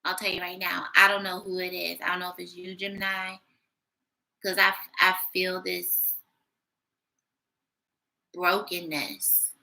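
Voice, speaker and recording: Woman, tarot reader, casual monologue, blunt and sassy, raspy fry, piercing bright tone. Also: fairly low pitch, flat delivery, measured pace, pauses often, poor audio. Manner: blunt, sassy, thinking aloud.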